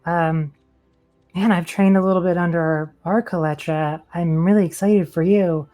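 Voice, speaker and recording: A woman playing a tabletop role-playing game who talks in a relaxed, casual way. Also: lowish voice, moderate pace. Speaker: player.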